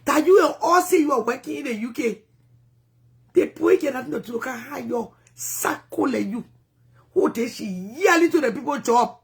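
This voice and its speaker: High-voiced Liberian woman vlogging. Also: expressive, moderate pace. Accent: Liberian English. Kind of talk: casual commentary vlog.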